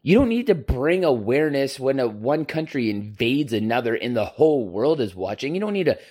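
A man's voice: mid-range voice, big pitch swings, a little fast, a little mellow. A man delivering a heated, profane opinion rant on his own channel, blunt and rhetorical.

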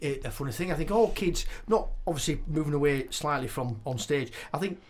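A man's voice: on the high side, expressive, brisk. Rambling man hosting a chat. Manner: rambling, full of restarts and laughter. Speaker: podcast host. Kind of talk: casual interview chat.

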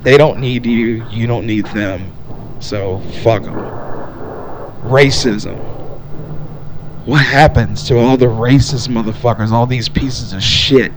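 A man's voice: mid-range voice, slow pace, noisy background. A young man hosting a solo podcast, ranting in a rambling way with lots of swearing and fillers. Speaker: podcast host.

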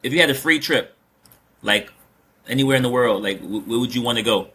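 A man hosting a casual podcast chat, joking and animated, repeating words with lots of fillers. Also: medium pitch, brisk, breathy edge. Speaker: host.

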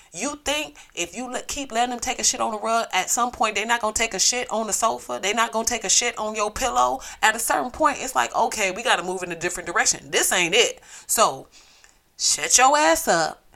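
Blunt, profane woman podcaster with a bright voice. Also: on the high side, a little fast, few pauses. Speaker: podcast host. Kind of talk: ranting solo podcast.

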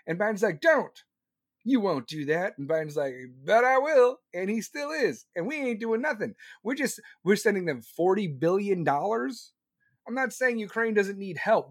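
A man on a live stream ranting loudly and sarcastically about politics, mocking the other side in put-on voices. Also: high voice, dry recording, clean studio sound.

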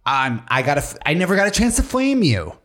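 A man's voice: fairly high pitch, big pitch swings, fast, a bit bright. A man co-hosting a casual chat, joking and acting out little voices as he tells stories. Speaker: podcast co-host.

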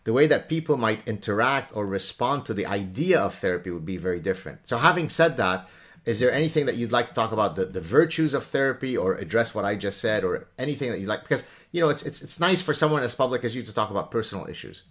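A man's voice: on the low side, expressive, quick pace, fairly bright tone. A man from the Middle East hosting an interview, talking in an academic way with stammered restarts. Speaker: podcast host. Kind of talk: conversational interview.

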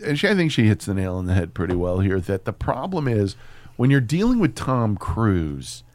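Lively, joking man in casual chat. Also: fairly low pitch, moderate pace, no echo. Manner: profane, jokey, riffs into silly voices. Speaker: podcast co-host.

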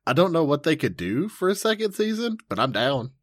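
A man's voice: fairly high pitch, big pitch swings, a little fast, no room sound, clean studio sound. An enthusiastic man co-hosting a casual anime podcast, playful and laughing often. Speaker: podcast co-host.

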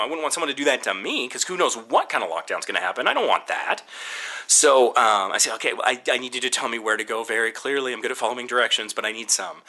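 A man casually recounting a frustrating airport layover, animated and exasperated, acting out both sides of his exchanges with staff. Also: mid-range voice. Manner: exasperated, animated, quotes himself and others. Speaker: traveler telling a story. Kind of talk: casual storytelling rant.

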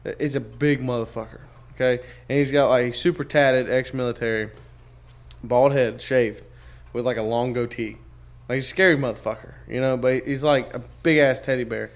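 A man's voice: medium pitch, steady tone, moderate pace. A young man telling long stories in a loose, casual chat. He swears freely and strings thoughts together with fillers and restarts. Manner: profane, rambling storyteller.

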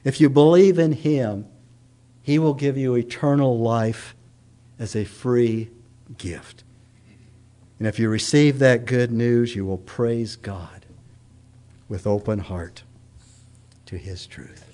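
A middle-aged man preaching a sermon, rising to loud declaiming and dropping to hushed tones. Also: slow pace, long pauses. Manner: dramatic, swings from loud raised declaiming to hushed low tones.

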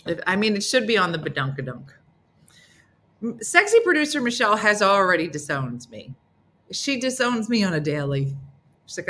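Bright, teasing woman hosting a morning show. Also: sits low, expressive, a little fast. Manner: playful, teasing, laughs often. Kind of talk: casual comedic chat.

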